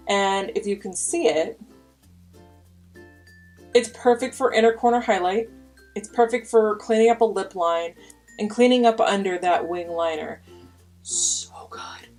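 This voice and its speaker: A young woman beauty vlogger reviews makeup brushes, chatty and enthusiastic, sometimes dropping to a whisper. Her voice is medium in pitch with a darkish tone.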